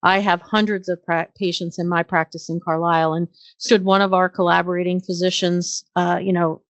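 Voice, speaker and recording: Dry, low-voiced middle-aged woman telling stories. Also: flat delivery, moderate pace, no room sound. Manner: anecdotal, earnest, with frequent um and uh fillers. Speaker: nurse practitioner guest. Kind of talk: conversational storytelling interview.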